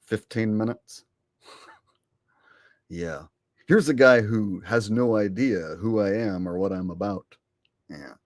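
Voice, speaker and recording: A man hosting his own livestream, chatting in a rambling, blunt way with plenty of swearing. He talks slowly and drawls, and his voice sounds dry and close. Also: fairly low pitch, dry recording. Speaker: channel host. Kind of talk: casual livestream talk.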